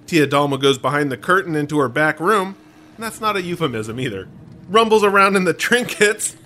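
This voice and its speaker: A podcast co-host casually recaps a film scene by scene, cracking jokes and wandering into rambling asides. His slightly high voice swings widely in pitch, sounding bright and forward at a brisk pace.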